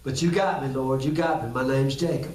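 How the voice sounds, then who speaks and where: A humbled old man confessing in a low, broken whisper, as a preacher puts him on, his voice dropped well below his usual register. The sound is echoey and picked up from some distance. It is hushed and heavy. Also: fairly even intonation, fairly quick, lightly acted. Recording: echoey room, distant mic.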